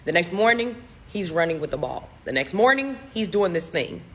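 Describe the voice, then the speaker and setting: A husky, slightly breathy voice tells a spooky story as casual storytime. The talk rambles, is full of "like" fillers and keeps slipping into voices for the people in it. The pitch sits in an ordinary middle range. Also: big pitch swings, normal speed. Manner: slips into voices for the people quoted.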